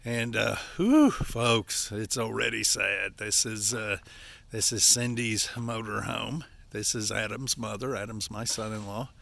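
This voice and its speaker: Older Appalachian man, winded and gravel-voiced, giving a friendly outdoor vlog tour. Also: fairly low pitch, little pitch movement, measured pace, sharp tone. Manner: folksy, chatty, keeps calling out "folks". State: out of breath from physical work. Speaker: vlogger, campground owner. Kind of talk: casual walk-and-talk vlog. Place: outdoors at a wooded campground.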